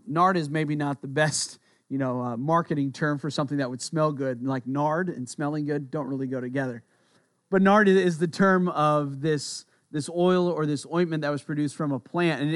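A man preaching as a pastor in a conversational, playful way, repeating words as he works through a thought. His voice sits notably high for a man. The sound is dry and close, with no room around it. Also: no echo. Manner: repeats words while thinking aloud. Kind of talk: sermon.

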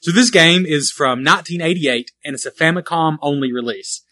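A man with a bright, fairly high voice co-hosts a relaxed retro gaming podcast. He rambles and restarts his sentences, laughing along the way. The sound is dry and close. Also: a little fast, no echo. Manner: rambling, self-correcting, laughs often. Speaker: podcast co-host. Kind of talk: casual chat about retro video games.

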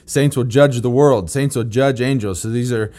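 Man, mid-pitched, plain-spoken Bible teacher, emphatic, repeats key phrases. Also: moderate pace, warm tone.

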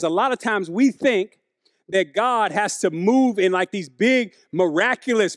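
A man's voice: high voice, dry recording, studio quality. A man, preaching a conversational sermon to his congregation. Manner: conversational preaching, animated, addresses congregation as y'all. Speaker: pastor.

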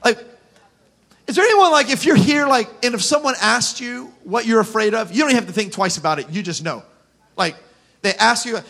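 A man, animated and self-mocking as he acts out funny stories. He breaks into shouts and laughs while addressing a live congregation in a church auditorium. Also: high voice, a little fast, vocal fry. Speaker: pastor. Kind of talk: humorous sermon storytelling.

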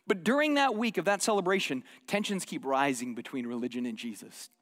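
Animated high-voiced man preaching in a hall. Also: brisk. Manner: animated, swings from hushed asides to loud dramatic quotes. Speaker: pastor. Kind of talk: sermon. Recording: long hall reverb.

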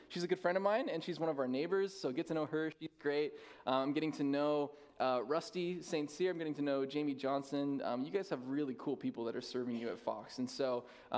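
A man in his thirties, a tired lead pastor giving casual, self-deprecating announcements to his church. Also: fairly high pitch. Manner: chatty, self-deprecating, laughs easily. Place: church sanctuary.

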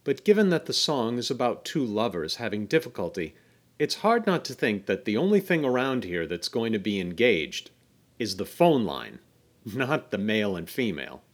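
A man hosting a podcast, reading a scripted, explanatory narration with a gently wry touch. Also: on the low side, big pitch swings, moderate pace. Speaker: podcast host.

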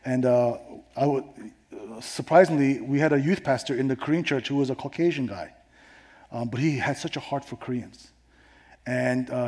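Husky-voiced man preaching a sermon. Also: medium pitch. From New York. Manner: animated preaching, swinging between loud emphasis and hushed tones. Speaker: pastor. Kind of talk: sermon with personal story.

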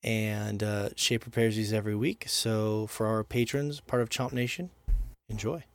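A man's voice: on the low side, flat delivery, normal speed. A man co-hosting a gaming podcast in casual, joking banter. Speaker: podcast co-host. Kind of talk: casual chat.

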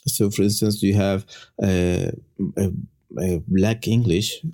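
A man from Chile with a Chilean Spanish accent, a native Spanish speaker, explaining in casual podcast chat with lively jumps in pitch. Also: takes it slowly.

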